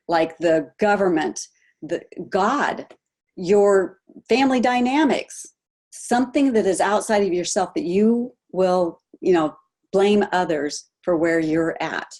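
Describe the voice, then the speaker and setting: A woman coaching a group on a video call, animated, asking her listeners questions and acting out example voices. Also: fairly low pitch. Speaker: health coach.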